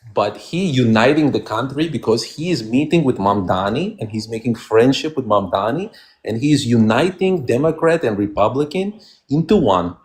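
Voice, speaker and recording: A man calling into a live debate stream who puts on an exaggerated foreign accent and plays a trolling guest. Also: mid-range voice. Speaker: caller.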